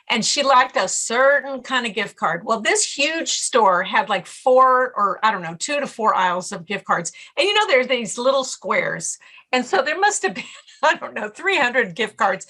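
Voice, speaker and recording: A middle-aged woman speaking as a podcast guest on stress management, telling stories in an animated way and acting out her own inner voice. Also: on the high side. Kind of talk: casual interview talk.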